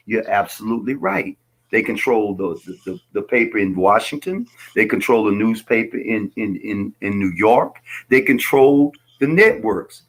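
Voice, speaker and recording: A man's voice: on the low side, normal speed. A man speaking as a guest on a casual political call-in show, emphatic and rambling, lecturing his listeners.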